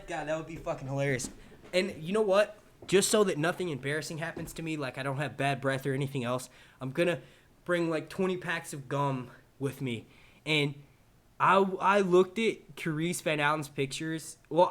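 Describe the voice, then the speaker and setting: A man's voice: mid-range voice, fairly bright tone. A young man hosting a casual live stream, swearing and laughing a lot as he reads out viewer comments. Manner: loose, profane and jokey, laughing often. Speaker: YouTube show host. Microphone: desk microphone.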